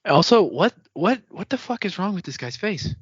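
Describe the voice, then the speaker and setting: Podcast co-host, male, animated pitch, dry close sound, lo-fi. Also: normal speed, breathy edge, dry recording. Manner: laughing, blunt reactive asides. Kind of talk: casual chat. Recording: dry, dull lo-fi podcast audio.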